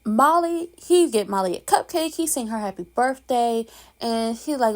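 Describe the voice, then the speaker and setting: A woman's voice: fairly high pitch, moderate pace, a little mellow. A woman hosting a casual soap opera recap, talking in a sassy, emphatic, slangy way and giving strong opinions.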